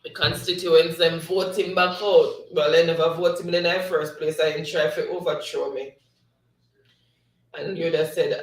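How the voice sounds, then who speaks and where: A man's voice: a little high, little pitch movement, normal speed, echoey room, far from the mic, low-quality recording. A man hosting a livestream, reading chat comments aloud and laughing often. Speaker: livestream host.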